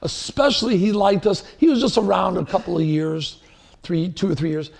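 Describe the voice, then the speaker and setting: A man's voice: high voice, expressive, moderate pace, gravelly. A man preaching a sermon as pastor, telling stories in a rambling, anecdotal way with restarts. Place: church sanctuary.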